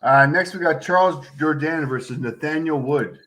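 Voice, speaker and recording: A man's voice: on the high side, normal speed, a bit bright, slight background noise. A man co-hosting a casual fight-picks chat, teasing his partner with short remarks. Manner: teasing, brief interjections. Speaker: podcast co-host.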